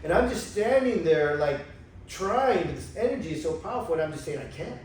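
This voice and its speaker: A man telling a personal story in a casual conversation, animated and emotional, acting out the voices of others. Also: on the high side, fairly quick. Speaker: guest telling his spiritual experiences. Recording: echoey room, far from mic, faint noise.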